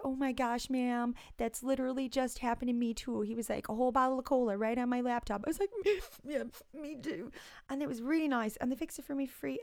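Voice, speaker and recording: A young Irish woman in her twenties telling stories in a casual chat, lively, with bits of acted dialogue. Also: a little high, creaky, dry recording, studio quality. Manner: animated storyteller, slips into whispers and put-on voices. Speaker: guest.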